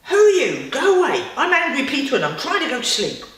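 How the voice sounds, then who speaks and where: A woman voicing an angry, grumpy little boy who shouts in a stroppy way, heard from a distance in a roomy space. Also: sits high, huge pitch swings, fairly quick, voice pushed up, heavily acted.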